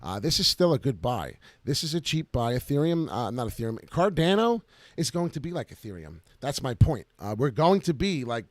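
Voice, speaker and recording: A man giving brash, excited live commentary to viewers while trading crypto on charts. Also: mid-range voice, brisk, no room sound.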